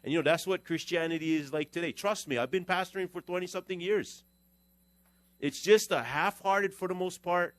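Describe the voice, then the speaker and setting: Animated middle-aged man preaching, dry sound. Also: high-pitched, brisk, no room sound. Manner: animated, conversational preaching with shifting volume. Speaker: pastor. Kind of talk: sermon.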